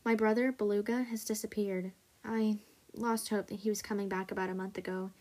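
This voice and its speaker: A woman's voice: fairly even intonation, fairly quick, lightly acted. A woman voicing a hopeful, cheerful young female hybrid dragon in a read-aloud storybook, raised and eager. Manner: eager and bright, rises higher.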